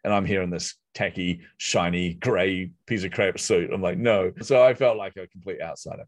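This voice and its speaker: A middle-aged man, appearing as a guest in a conversation, tells a story with animation and self-mockery, even acting out his own inner voice. His voice is low-pitched, his pace normal, and there's no room sound.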